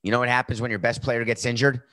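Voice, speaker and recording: A man's voice: medium pitch, little pitch movement, quick pace, pushed and bright, dry recording. A middle-aged man hosting a sports talk show, giving a brash, sarcastic monologue with a tired, sore voice. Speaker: podcast host.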